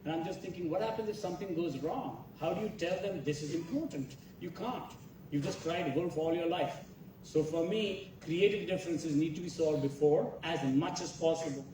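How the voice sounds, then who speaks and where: A man's voice: fairly high pitch, normal speed, noisy background. Man telling film stories, echoey hall. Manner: animated storytelling, quotes others. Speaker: film director. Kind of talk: festival masterclass talk. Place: large festival hall. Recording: echoey hall, picked up from far off.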